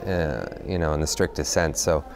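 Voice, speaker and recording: A middle-aged man speaks in a very deep, rough, fry-laden voice, giving a press interview about a film he acted in. He thinks aloud, circling back and filling gaps with "you know" as he searches for the right words. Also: very animated, normal speed.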